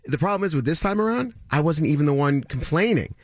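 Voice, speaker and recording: Animated man telling a story on radio. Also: quick pace, no echo, clean studio sound. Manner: animated storyteller, mimics others in a high voice. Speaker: radio show regular. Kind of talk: casual chat, telling a story.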